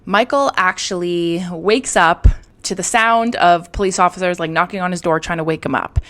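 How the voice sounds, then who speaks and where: Young woman, chatty true-crime storyteller, lower-pitched voice, casual and candid, filler-heavy. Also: moderate pace, fairly bright tone.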